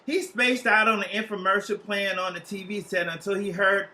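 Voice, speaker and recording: A man performing a comic short story aloud, playful and lively, tossing in profanity with relish. His voice is strikingly bright and sits high for a man. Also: moderate pace, poor audio. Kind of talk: humorous literary reading.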